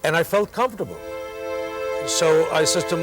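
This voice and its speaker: Older male comic guest, slightly high voice, rambling anecdotes, music bed. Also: brisk. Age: 60s. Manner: rambling anecdotal, repeats "I says". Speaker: comedian, interview guest. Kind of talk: casual storytelling in an interview.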